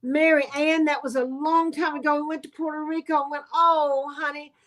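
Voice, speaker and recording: A woman's voice: high-pitched, fairly even intonation, fairly quick. A woman, chatting in a folksy way and calling people honey and y'all. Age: 80s. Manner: warm folksy Southern talk, says y'all and honey. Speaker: sewing guest. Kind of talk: casual chat.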